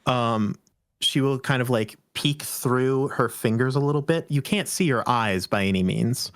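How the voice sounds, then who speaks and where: A young man running a tabletop game as game master, describing scenes and calling for checks at an easy, mid-pitched pace. The sound is dry and close. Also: measured pace, no room sound. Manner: relaxed, descriptive, calls for rolls.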